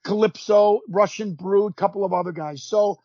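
A husky, high-pitched man in his fifties tells stories as a podcast guest. He is animated, acts out what people said and keeps restarting his sentences. The recording is dry and dull, lo-fi. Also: moderate pace, no room sound. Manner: animated storyteller, acts out quotes, frequent restarts. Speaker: podcast guest, former pro wrestler. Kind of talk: casual storytelling interview. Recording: dull lo-fi sound.

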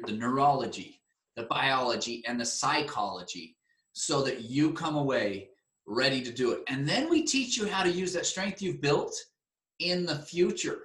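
A man hosting a talk, enthusiastically promoting his seminar in an energetic, animated way. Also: mid-range voice. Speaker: seminar host. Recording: roomy echo.

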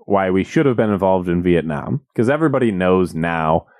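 Co-hosting a podcast, a man with a low-pitched voice spins stories in relaxed banter at a moderate pace. He's animated and jokey, performing quotes in exaggerated voices. The recording is dry.

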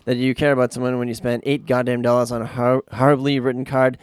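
A man's voice: mid-range voice, little pitch movement, quick pace, smooth, no echo. A man co-hosting a podcast, reading a listener's list in a blunt, sardonic way with plenty of swearing. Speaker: podcast co-host.

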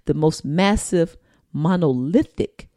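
A woman co-hosting a casual podcast, sassy and animated, laughing often as she reads a listener email. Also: low-pitched, slow pace, no echo, studio quality. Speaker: podcast co-host.

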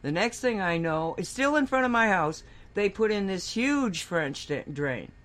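A woman's voice: mid-range voice, expressive, moderate pace, fairly bright tone. A woman co-hosting a radio talk show, telling a long anecdote in casual chat and laughing often. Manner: chatty storytelling, laughs often.

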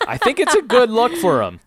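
A woman co-hosting a podcast, chatting casually with quick joking reactions. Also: a little high, no room sound, studio quality. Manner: short reactions, animated and joking. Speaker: podcast co-host. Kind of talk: casual chat.

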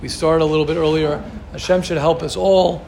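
Man, high-pitched, earnest coaching rabbi, repeats questions, faint noise in background. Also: fairly even intonation, fairly quick, creaky, darkish tone. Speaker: rabbi teaching a class. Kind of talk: Torah class talk.

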